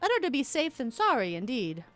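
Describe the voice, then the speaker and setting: A woman's voice: sits high, huge pitch swings, fairly quick, a bit bright, soft background music, voice pushed up, heavily acted. A woman voicing a stern military commander in a game, reading formal, old-fashioned lines. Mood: grave.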